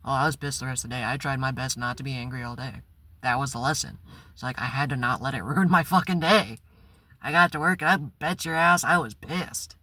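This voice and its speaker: A man's voice: mid-range voice, a little fast, sharp tone, dry recording. A man telling a personal story in a casual, rambling vlog, swearing and breaking into bursts of exasperation. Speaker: spiritual vlogger.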